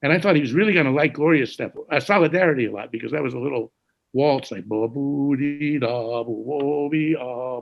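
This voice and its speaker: A man in his sixties with a gravelly, husky voice pitched a little above average. He tells stories in an easy, conversational way, goes quiet when he quotes someone and sometimes scats a melody. The recording sounds dull and lo-fi. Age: 60s. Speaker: jazz saxophonist telling stories. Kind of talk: conversational storytelling.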